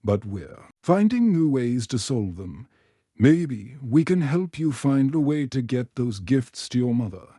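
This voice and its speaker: A man reading the lines of a gentle woman teacher in an even voice. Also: medium pitch, a little slow, slightly rough, no room sound, studio quality.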